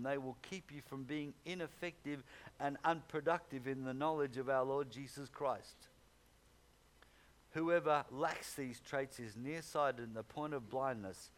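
A man preaching a sermon in an earnest manner, repeating key phrases and rising to fervent exhortation. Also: medium pitch.

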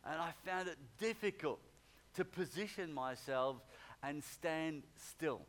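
A man's voice: fairly high pitch, takes it slowly, a bit bright. A man preaching a sermon in a conversational way, often repeating phrases for emphasis.

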